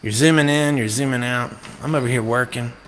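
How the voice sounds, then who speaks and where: A man chats to his live-stream viewers in an easygoing, rambling way. He tells stories with lively, joking energy. A faint guitar plays behind him. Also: mid-range voice, fairly quick. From North Carolina. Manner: rambling, jokey, animated storytelling. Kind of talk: casual chat on a live stream.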